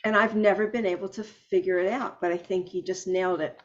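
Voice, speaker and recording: A woman hosting an interview, thoughtful and personal, speaking in a slightly halting way. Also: fairly low pitch, fairly even intonation. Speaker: podcast host. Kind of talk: reflective interview talk. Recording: dull lo-fi audio.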